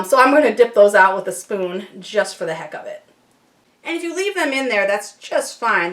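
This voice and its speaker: A woman's voice: medium pitch, far from the mic. A woman hosting a home cooking and homesteading video, chatting casually and upbeat with self-deprecating asides as she works in her kitchen. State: slightly out of breath at times. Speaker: homesteading channel host. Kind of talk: casual how-to demonstration.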